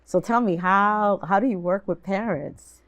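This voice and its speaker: A woman's voice: mid-range voice, moderate pace, a bit bright, lo-fi sound. An older woman hosting a talk show interview, asking questions and affirming her guests. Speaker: host.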